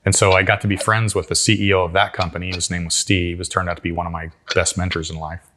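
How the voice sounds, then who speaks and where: Male interview guest, deep-voiced, tells stories with energy and folksy grammar. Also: fast. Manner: animated storyteller acting out quotes. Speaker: guest entrepreneur. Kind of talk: storytelling interview.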